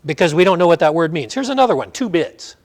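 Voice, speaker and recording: A man's voice: fairly high pitch, expressive, fast. A middle-aged man teaching a Sunday school class, asking the class questions and telling stories. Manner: storytelling, asks the class questions.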